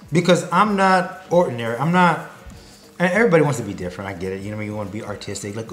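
Rambling, jokey man with a lively voice. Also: mid-range voice, quick pace, faint music behind. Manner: rambling, jokey, goes off on tangents. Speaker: food business promoter. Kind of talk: comedic promo talk to camera.

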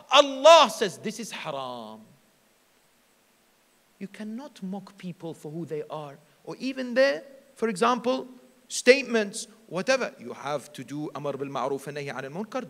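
Animated high-voiced man preaching. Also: long reverb tail. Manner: animated, asks rhetorical questions and answers them. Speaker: sheikh giving a majlis lecture. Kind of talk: sermon.

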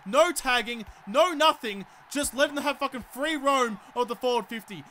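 An Australian man narrates his football video game in a very high, bright and sharp voice. He fumes and curses at his players, then slips into mock-polite sarcasm. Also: normal speed, few pauses, slight background noise. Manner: exasperated, swearing rants at the game. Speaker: gaming YouTuber. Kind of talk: let's play commentary.

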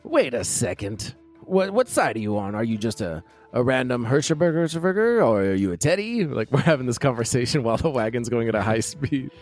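A man's voice: mid-range voice, big pitch swings, moderate pace, a little mellow, soft background music. A man playing a tabletop game, joking and playful. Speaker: player.

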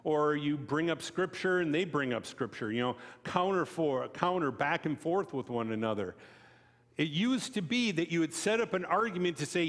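With lively intonation and a moderate pace, this male preacher tells stories in a chatty sermon, turning to the congregation with asides. Quoted voices get acted out through sudden pitch leaps. It's captured in a church sanctuary, where the hall's long reverb lingers.

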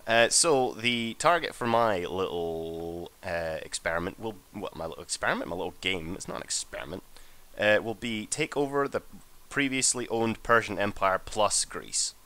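Young man, low voice, bright tone, casual gameplay commentary, swearing, joking, excitable. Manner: excitable, joking and profane, with sudden high-pitched outbursts. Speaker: gamer and channel host. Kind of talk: casual strategy-game commentary.

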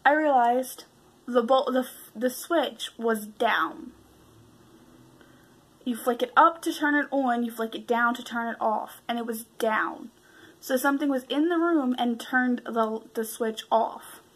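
A woman's voice: fairly high pitch, a little slow, breathy edge, rough recording. A woman vlogger telling a spooky story to camera in a chatty, casual way, with swearing and fillers. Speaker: paranormal vlogger.

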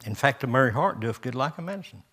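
A man's voice: medium pitch, expressive, fast talker, fairly bright tone. An older man, a pastor preaching a folksy sermon with homespun stories, chuckles and rising emphasis.

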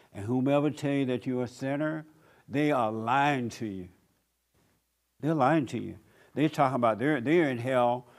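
A man's voice: medium pitch, darkish tone. A man preaching a blunt sermon as pastor, mimicking whiny voices to mock them.

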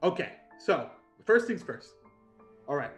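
A man's voice: fairly high pitch, big pitch swings, a little slow, soft background music. A man voicing an eager half-elf cook who is bossy and likes to brag, in tabletop role-play. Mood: instructive. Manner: bossy, teasing, bragging.

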